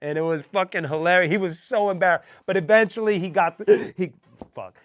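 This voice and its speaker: A man hosting a show, casually telling a profane, animated anecdote full of slang. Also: high voice, fairly quick, no room sound, muffled recording. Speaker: host. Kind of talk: casual storytelling.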